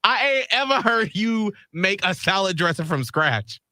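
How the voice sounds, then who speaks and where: A man's voice: high voice, big pitch swings, unhurried, pushed and bright, dry recording, studio quality. A man co-hosting a radio show, telling stories and teasing in casual chat. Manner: playful, teasing storyteller.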